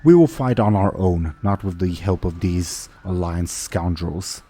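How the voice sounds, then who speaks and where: A man's voice: low voice, unhurried, mellow. A man voicing a proud, hostile female orc captain in a tabletop game, speaking in a curt, commanding way. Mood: scornful.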